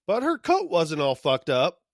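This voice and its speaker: A man's voice: fairly high pitch, wildly swooping pitch, unhurried, no echo, studio quality. A man co-hosting a podcast in casual chat, loose and profane, often laughing. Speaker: podcast co-host.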